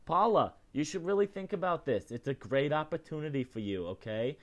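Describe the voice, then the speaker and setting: A man hosting a casual celebrity news show, chatty and animated, often tagging his lines with "okay?". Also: a little high, brisk, lo-fi sound. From not British. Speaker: host.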